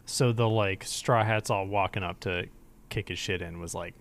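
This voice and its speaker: A man's voice: deep voice, normal speed, a bit bright. A man co-hosting a podcast in casual chat, joking, laughing often and trailing off with fillers. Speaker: podcast co-host.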